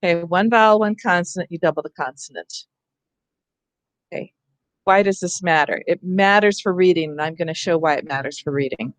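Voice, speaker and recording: A woman's voice: lowish voice, a little fast, no room sound. A woman training teachers in a casual, conversational lecture, explaining spelling rules with frequent asides. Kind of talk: professional development lecture.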